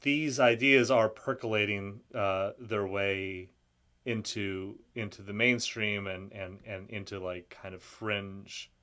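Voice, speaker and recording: A man speaking as a guest in a political discussion, halting and often restarting his sentences. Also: lowish voice, fairly even intonation, bright, forceful tone. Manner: halting, frequent restarts and stammered repeats.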